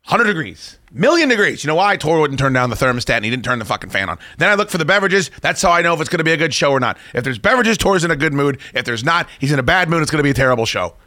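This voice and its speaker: Male talk-radio host, profane ranter, lively bright voice, dry room. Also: fairly high pitch, racing, hardly any pauses, no room sound. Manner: profane, ranting, bursts into shouting and laughter. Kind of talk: casual radio-show rant.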